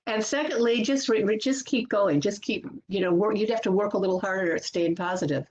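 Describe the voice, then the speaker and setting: A woman positivity coach giving a lively webinar talk from a computer mic, acting out everyday self-talk. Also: mid-range voice, moderate pace, a little hiss or hum. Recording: muffled lo-fi webinar audio.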